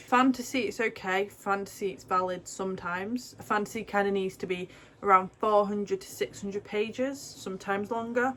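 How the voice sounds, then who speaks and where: A woman's voice: medium pitch, a bit bright, a little hiss or hum. A young British woman chatting casually to camera as a book vlogger, gushing and rambling with asides. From Britain. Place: home, indoors.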